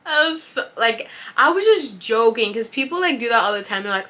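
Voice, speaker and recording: A young woman telling a casual story about her cashier job in an animated, slangy, exasperated way. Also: a little high, a little fast. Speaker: vlogger, former cashier.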